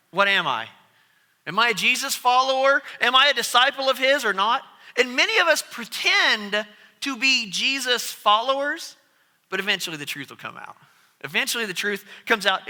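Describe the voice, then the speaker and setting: A man preaching a sermon as pastor, telling stories in an animated way. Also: extremely high pitch. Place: church sanctuary. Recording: long church reverb.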